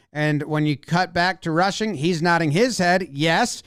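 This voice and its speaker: A man giving an animated video breakdown of a baseball game, acting out what the players might be saying. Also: a little high, measured pace, clear, resonant tone, no room sound, studio quality. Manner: animated, acts out players' imagined lines.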